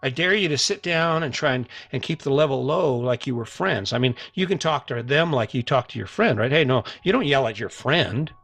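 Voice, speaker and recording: With faint music behind him, a middle-aged podcast host gives a motivational solo monologue, earnest and casual, repeating himself and often restarting. His voice is medium in pitch and a bit bright, animated and a little fast, with hardly any pauses.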